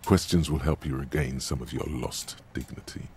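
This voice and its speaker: A man's voice: extremely low pitch, fairly even intonation, normal speed, darkish tone, a little hiss or hum. An actor voicing a grave male inner voice that narrates a video game in a commanding, mocking way. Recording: game music underneath. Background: game music.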